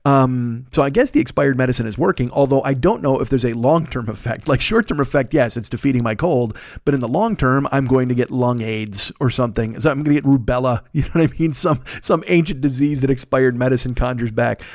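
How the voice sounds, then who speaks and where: Still getting over a cold and sounding phlegmy, a fifty-something podcast host rambles through a crude, animated comedy monologue full of mocking voices. His mid-range voice runs a little fast with hardly any pauses, in a clean, echo-free studio recording.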